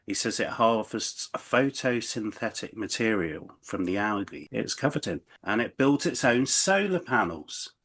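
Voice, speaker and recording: Halting, chatty man with a lowish voice. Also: animated, fairly bright tone. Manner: chatty, halting with many restarts and fillers. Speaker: podcast co-host. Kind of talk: casual chat.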